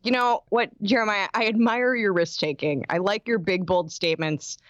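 A woman's voice: medium pitch, fairly even intonation, normal speed, dry recording, muffled recording. A woman co-hosting a podcast who has a doctorate, asking precise, pointed questions and teasing her co-host. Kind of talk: casual chat with clarifying questions.

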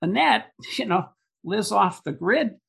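A man's voice: sits high, lively intonation, a little slow, vocal fry, fairly bright tone, breathy edge. A man, an environmental activist talking in a rambling, hesitant way with many fillers. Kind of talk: casual conversation.

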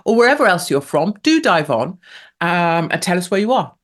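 A woman's voice: on the low side, sing-song, moderate pace. A middle-aged woman hosting a live radio talk show in a breezy, gushing manner, reading out listener chat messages with playful asides. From England.

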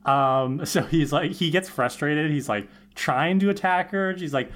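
A man's voice: a little high, unhurried. Man retelling scenes with chuckles. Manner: animated retelling with quoted lines and chuckles. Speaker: podcast co-host. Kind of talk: casual chat recapping a TV episode.

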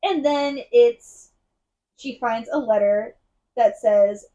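A woman co-hosting a book podcast, chatting casually and retelling scenes with quick asides. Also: on the high side, dark tone, lo-fi sound. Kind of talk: casual chat.

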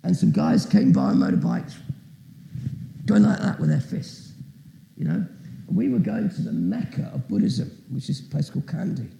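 A man gives a testimony sermon as a guest preacher, telling his story with asides and questions to the audience. His voice is very gravelly and dark, and it rises and falls a lot. The sound rings around an echoey church hall. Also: fairly high pitch, sing-song, normal speed. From Britain.

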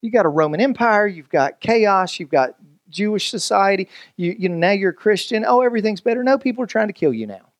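Very animated and brisk, this pastor preaches in a high-pitched voice, joking with his congregation as if among friends. He keeps backing up and restarting sentences on his way to a point. The audio is close and dry, free of room echo.

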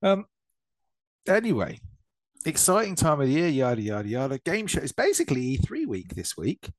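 A man from England co-hosting a casual gaming podcast, jokey and swearing freely. His pitch jumps around a lot as he talks. The sound is close and dry with no room echo. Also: wildly swooping pitch, normal speed. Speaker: podcast co-host. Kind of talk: casual banter. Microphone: remote call mic.

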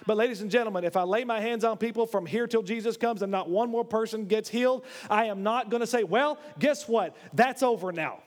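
Man, preacher, high voice, animated sermon, loud-to-soft swings, long church reverb. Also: fast talker, hardly any pauses. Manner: animated, swings from loud highs to low murmurs. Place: church sanctuary.

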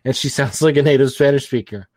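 A man's voice: medium pitch, quick pace, dry recording, clean studio sound. Rambling man in casual film chat. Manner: rambling, many fillers, animated mock impressions. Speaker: podcast co-host.

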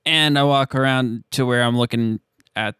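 A man playing a tabletop game, excitable and swearing. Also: mid-range voice, moderate pace, clear, resonant tone, no room sound, studio quality. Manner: excitable, profane. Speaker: player.

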